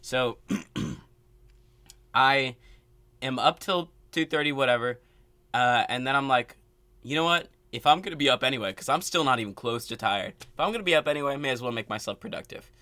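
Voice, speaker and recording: A young man telling a casual storytime rant, animated and exasperated, full of filler words. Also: medium pitch, normal speed, dry recording. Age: young adult. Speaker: vlogger.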